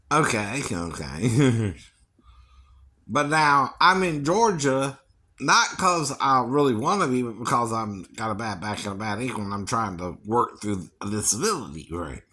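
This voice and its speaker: A man's voice: medium pitch, sharp tone. A man vlogging in a rambling casual monologue, chuckling often and ending lines with a questioning tag. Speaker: vlogger and singing impersonator.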